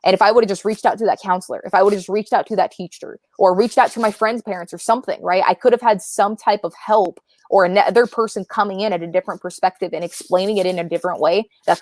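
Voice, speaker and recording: A woman's voice: mid-range voice, steady tone, quick pace, hardly any pauses, a little mellow. A young woman talking as a guest in a casual interview, chatty and often asking "right?" to check in.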